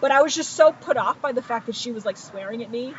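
A woman's voice: fairly high pitch, fast talker, crowd noise. A woman co-hosting a podcast, telling a story with lots of acted-out quotes and casual swearing. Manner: animated storyteller, acts out quotes, swears freely. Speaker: podcast co-host. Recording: dull lo-fi podcast audio with faint noise.

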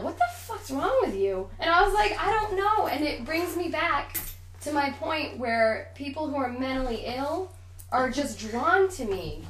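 A woman's voice: sits high, a bit bright, echoey room, a little hiss or hum, poor audio. A woman co-hosting a podcast, telling a story in casual chat with lots of laughter. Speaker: podcast co-host.

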